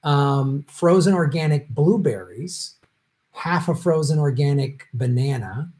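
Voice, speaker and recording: Male livestream host, casual, rambling, fills pauses with ums and little laughs. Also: on the high side, expressive, a little mellow. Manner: rambling, many ums, chuckles, jokey asides. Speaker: show host answering viewer questions.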